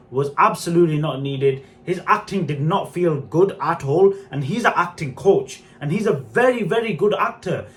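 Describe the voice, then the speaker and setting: A man giving a frank, casual spoken film review, talking straight to his viewers and calling them guys. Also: a little high.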